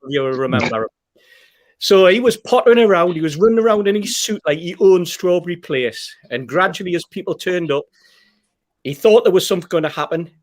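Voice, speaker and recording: A man, telling a rambling, anecdotal story in casual chat as a podcast host. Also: fairly high pitch. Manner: rambling, anecdotal, with fillers and repeats.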